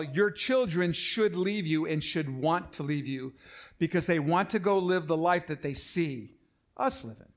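A middle-aged man preaching a sermon as pastor, emphatic and repetitive, slowing down to stress his points. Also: high-pitched, fairly bright tone.

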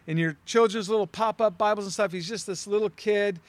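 High-voiced man teaching a Bible study. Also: a little fast, no echo. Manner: conversational, asks the listeners questions.

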